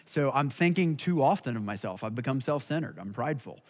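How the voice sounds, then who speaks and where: Male Bible study leader, chatty and conversational, mid-pitched voice, dull lo-fi recording. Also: lively intonation, fairly quick. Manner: conversational, checks in with listeners. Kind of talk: casual church Bible study teaching.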